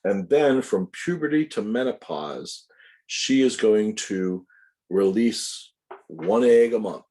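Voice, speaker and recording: A male anatomy instructor gives a recorded lecture, his deep voice dark, mellow, and expressive. Working methodically point by point, he pauses for self-corrections and side remarks aimed at students.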